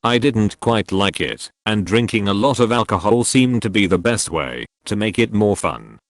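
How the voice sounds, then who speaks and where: Male narrator, lowish voice, laid-back deadpan delivery, dry close-miked read. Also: normal speed, dry recording. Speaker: narrator reading online stories. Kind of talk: scripted narration.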